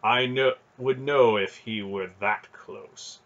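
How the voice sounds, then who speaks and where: A man voicing a scheming, scarred male sorcerer priest in a storybook reading, slow, gloating and mocking. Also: mid-range voice, a bit bright, dull audio.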